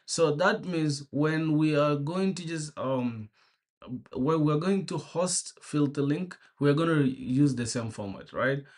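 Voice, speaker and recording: A man's voice: a little high, unhurried. Slangy young man live-coding on stream. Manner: laid-back and slangy, greeting viewers by name and thinking aloud. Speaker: programmer streaming his coding. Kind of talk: casual live-stream commentary.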